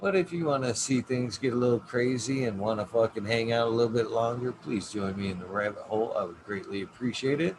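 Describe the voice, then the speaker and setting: A man's voice: medium pitch, brisk, few pauses, background noise. A man hosting a casual livestream podcast, laid-back and swearing freely as he talks to his chat. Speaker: podcast host.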